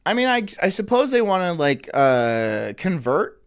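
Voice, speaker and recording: A man's voice: high voice, big pitch swings, measured pace, smooth. A man commenting on video clips during a live stream in a crude, mocking, rambling way.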